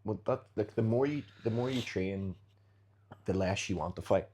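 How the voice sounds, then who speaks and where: A man's voice: on the low side, moderate pace, a crowd in the background. A man, a jiu-jitsu fighter, chatting as a podcast guest and animatedly acting out street scenarios. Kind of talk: casual interview chat.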